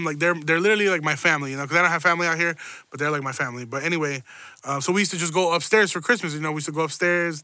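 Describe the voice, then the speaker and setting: A man's voice: a little high, bright, forceful tone, no room sound. A young man from Chicago telling a personal story in a rambling, self-mocking way, laughing often and swearing freely. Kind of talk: casual profane storytelling.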